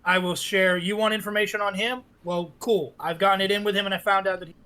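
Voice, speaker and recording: A man playing a tabletop game, explaining his character's plans in a deliberate, talkative way. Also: high-pitched, little pitch movement, bright, forceful tone, poor audio. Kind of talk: casual game chat.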